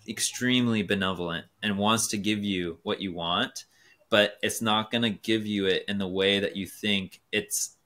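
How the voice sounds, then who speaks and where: Podcast guest, twenties man, low flat voice with a bright edge, earnest and rambling. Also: normal speed. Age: 20s. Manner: earnest, philosophical, tells parables with many fillers. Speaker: guest, race car driver. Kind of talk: casual podcast conversation.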